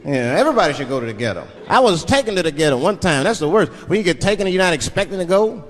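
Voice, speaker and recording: A man's voice: sits high, big pitch swings, racing. A man from Washington DC doing a stand-up comedy set, telling stories in a loose, profane way. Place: large live theater. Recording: live echoing hall with loud audience.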